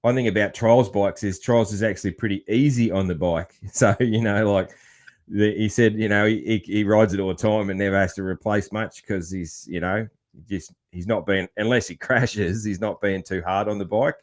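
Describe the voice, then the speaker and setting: An Australian man hosting a podcast, chatting in a relaxed, rambling way with frequent laughs. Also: on the low side, normal speed. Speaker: podcast host. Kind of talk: casual interview chat.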